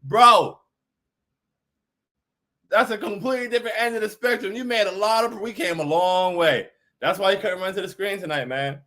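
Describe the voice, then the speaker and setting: A man's voice: high voice, moderate pace, pauses often, sharp tone. A man hosting a postgame fan stream, reading chat messages aloud and reacting in a hyped, emphatic voice that repeats lines for effect.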